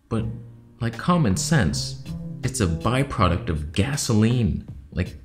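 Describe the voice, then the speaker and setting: A young man casually ranting to camera in his living room, sarcastic and jumping between loud jabs and low mutters. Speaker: YouTube host.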